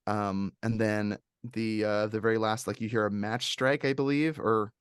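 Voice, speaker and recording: Male podcast host, rambling and excitable, dry close sound. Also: on the low side, normal speed, clear, resonant tone, no echo. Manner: animated and rambling, with many fillers. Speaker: podcast host reviewing films. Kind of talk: casual chat.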